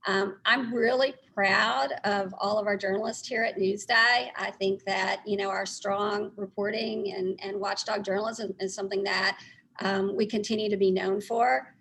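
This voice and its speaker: A middle-aged woman from Texas with a Texan accent softened by New York, answering interview questions in a friendly way with many ums and uhs. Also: medium pitch, steady tone, moderate pace, slight background noise, rough recording. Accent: Texan blended with New York. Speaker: newspaper publisher, guest.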